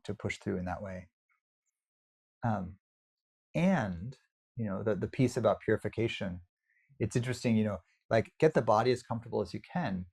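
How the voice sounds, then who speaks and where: A man meditation teacher giving a relaxed, conversational dharma talk over a video call, with many fillers. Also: fairly low pitch, gravelly, breathy edge. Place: home, online session.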